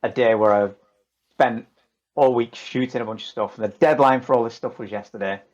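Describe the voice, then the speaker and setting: A man's voice: medium pitch, fairly quick, darkish tone, lo-fi sound. A middle-aged man from northern England with a Lancashire accent, chatting as a podcast guest in a jokey, swearing way. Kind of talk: casual chat.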